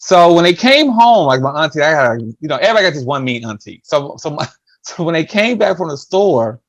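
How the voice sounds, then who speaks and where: A man telling a personal story in a casual chat, animated and acting out voices. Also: a little fast, dry recording, lo-fi sound. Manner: animated, acts out his younger self in a higher voice. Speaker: podcast guest.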